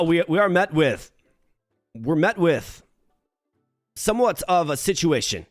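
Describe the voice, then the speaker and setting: A man from Minnesota streaming a game, chatting with his viewers and thinking his moves through out loud. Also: no room sound. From Minnesota, United States. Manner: animated when greeting chat, low and muttering while planning moves. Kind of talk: live-streamed game commentary.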